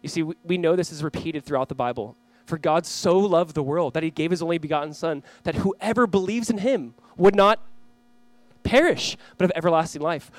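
Fast, impassioned high-voiced male pastor. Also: no room sound. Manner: impassioned, voice rising and dropping sharply; acts out quoted voices in casual speech. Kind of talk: sermon.

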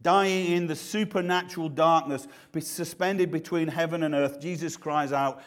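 A man's voice: fairly high pitch, steady tone, moderate pace, hardly any pauses. A man preaching a sermon, earnest and full of restarts and repeated words.

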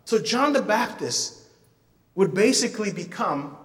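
A man preaching a sermon, telling a story in an animated way with playful asides. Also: sits high, a little slow, far from the mic. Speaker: pastor. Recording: reverberant hall from off-mic.

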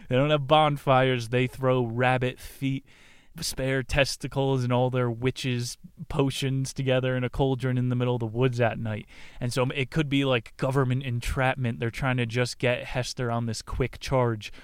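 A man's voice: medium pitch, flat delivery, moderate pace, clear, resonant tone, no room sound, studio quality. A man recording in his car, summarizing a book in an irreverent, crude, casual chat with laughing asides. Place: inside a car.

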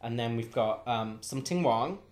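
A man's voice: medium pitch, expressive, unhurried, a little mellow. A man co-hosting a podcast, chatting casually with a camp, cheeky, joking manner. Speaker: podcast co-host. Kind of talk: casual chat.

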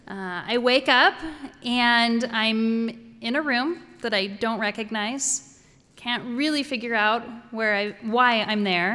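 A woman's voice: fairly high pitch, pushed and bright, clear, resonant tone. A woman telling a personal story before an audience, conversational and wryly humorous. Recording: echoey hall.

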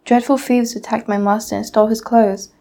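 A crafty, bossy male cat from a storybook, quick to give orders and full of schemes, as a teenage girl reads him. The voice is dark and mellow with a gravelly edge. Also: fairly high pitch, level tone. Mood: commanding.

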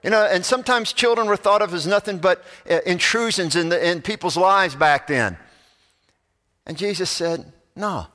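A man preaching a sermon as pastor, moving between loud animated passages and soft, hushed ones. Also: high-pitched, moderate pace, big-room sound.

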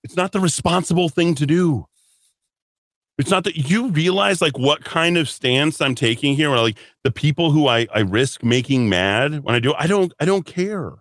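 A man's voice: on the high side, animated, normal speed, a bit bright, no room sound. A man hosts a political call-in style radio show, talking at length in an emphatic, rambling way. He restarts sentences often and slips into sarcastic asides, recorded on a dry, close studio microphone. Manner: rambling, emphatic, addresses listeners as folks. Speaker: radio talk show host. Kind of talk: opinionated political talk radio.

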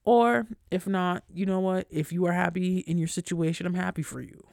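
In a laid-back solo podcast monologue, this young adult host talks bluntly in slang with heavy cursing, at a moderate pace in a creaky voice with fairly even intonation. Getting fired up sends the voice high and loud, and the studio recording has no room sound.

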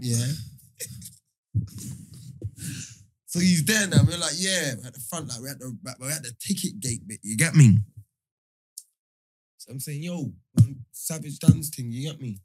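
A young man telling a story in casual chat, animated and full of slang fillers. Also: a little high, measured pace, pauses often.

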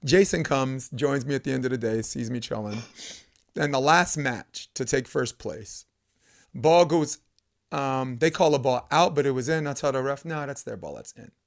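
Guy with a gravelly voice telling a coaching story, lively, acts out the lines. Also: mid-range voice, normal speed. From United States. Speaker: podcast guest, volleyball coach. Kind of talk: casual storytelling chat.

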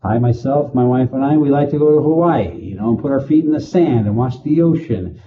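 A man working in prison administration, answering interview questions slowly with many pauses and fillers. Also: mid-range voice, narrow, tinny audio, a crowd in the background. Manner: slow, halting, with many fillers.

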